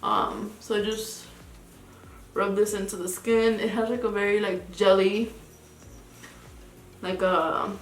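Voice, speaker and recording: A woman's voice: mid-range voice, fairly even intonation, takes it slowly, long pauses, echoey room, a little hiss or hum. A woman doing a casual, chatty makeup tutorial, rambling with lots of filler words as she talks through each step. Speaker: beauty vlogger.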